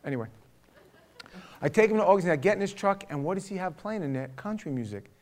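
Emphatic New York-accented preacher. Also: male voice, expressive, fast talker. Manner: emphatic, swings between loud punches and low asides. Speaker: pastor. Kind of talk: conversational sermon with storytelling.

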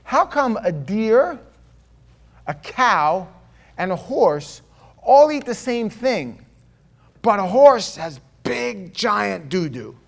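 A man's voice: sits high, sing-song, slow pace, creaky, pauses often, a bit bright, pitched above the performer's own voice, exaggerated voice. A man voicing a blunt, cheeky little girl of about twelve with a sassy, matter-of-fact delivery.

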